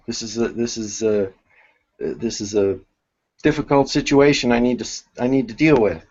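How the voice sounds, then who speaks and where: A man teaching a spiritual workshop, thinking aloud with many restarts and pauses. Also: mid-range voice, steady tone, darkish tone, highs cut off.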